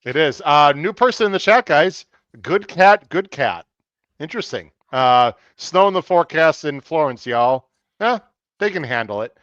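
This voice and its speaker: A man's voice: on the high side, expressive, normal speed, fairly bright tone, dry recording, lo-fi sound. A man hosting a live-streamed podcast, chatty and upbeat, reading out viewer comments between topics. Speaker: podcast host.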